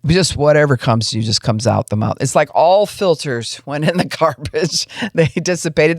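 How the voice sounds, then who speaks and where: Woman pastor-host, casual folksy teaching, lively, acts out examples; close, dry podcast mic. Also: low voice, normal speed, few pauses, dry recording. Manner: folksy, animated, acts out what she describes.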